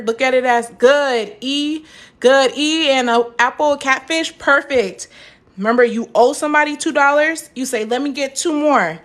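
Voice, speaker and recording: A young woman teaching a live math lesson, chatty and encouraging, stopping to answer viewer comments. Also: fairly high pitch.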